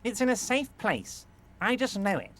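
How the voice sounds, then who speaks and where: Pompous game boss, high voice, very lively, falsely reassuring tone. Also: male voice, normal speed. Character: smooth-talking, self-important middle-aged male boss. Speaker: union boss in a video game. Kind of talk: video game character acting.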